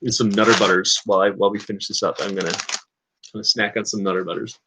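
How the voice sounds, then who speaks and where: Low-voiced man rambling on a livestream. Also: flat delivery, fast talker, background noise. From Canada. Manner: rambling, hesitant, self-correcting with many fillers. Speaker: livestream host. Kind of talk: casual livestream chat.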